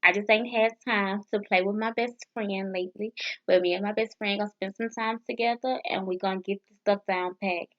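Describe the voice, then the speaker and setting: A woman vlogging casually as she practices foreign phrases, sounding them out haltingly with restarts and nervous, self-deprecating asides. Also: mid-range voice, fairly even intonation. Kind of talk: casual language practice vlog. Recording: dull lo-fi sound.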